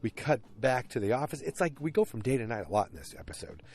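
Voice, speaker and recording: A man's voice: mid-range voice, very animated, fast talker, darkish tone. Male podcast host, casual solo recap, rambling and filler-heavy. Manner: rambling, chatty, many fillers.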